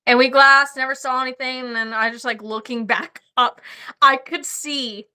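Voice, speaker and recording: High, bright-voiced woman telling stories. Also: fairly even intonation, moderate pace, smooth. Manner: profane, laughing anecdotes. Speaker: podcast guest. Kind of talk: casual storytelling.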